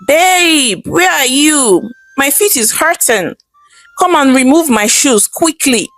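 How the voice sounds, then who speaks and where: A woman's voice: high voice, slow, dry recording, faint music behind, pitched above the performer's own voice, exaggerated voice. A woman playing a haughty young Nigerian mistress. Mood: demanding. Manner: disdainful, calm.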